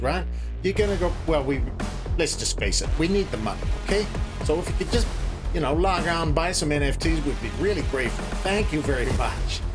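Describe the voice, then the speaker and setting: A buzzword-spouting crypto promoter played by a man with a slight put-on American twang. He rambles and stalls, and his voice sits fairly high for a man. Faint music plays underneath, like a comedy sketch. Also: lightly acted. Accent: put-on slight American accent. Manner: rambling, filler-heavy, salesy.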